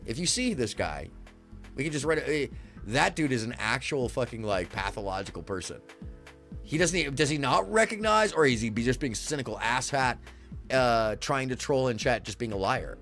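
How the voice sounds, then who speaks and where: A man's voice: medium pitch, animated, normal speed, fairly bright tone, soft background music. Profane, indignant man ranting on stream. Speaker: livestream host. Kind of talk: heated livestream rant at chat.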